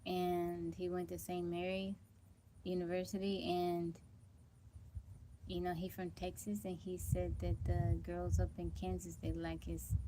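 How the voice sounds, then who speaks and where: A woman's voice: on the low side, completely flat delivery, measured pace, warm tone, slight background noise. A middle-aged woman hosting a casual livestream, chatting to viewers by name while sounding tired and weak, on a phone mic at home. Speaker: livestream host.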